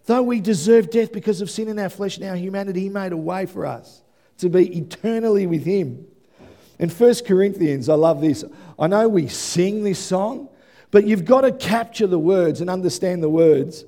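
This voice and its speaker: Aussie pastor guy, really high voice, preaching loud and lively, shouts at the big bits. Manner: animated preaching, shouting at peaks, quick asides. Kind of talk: sermon.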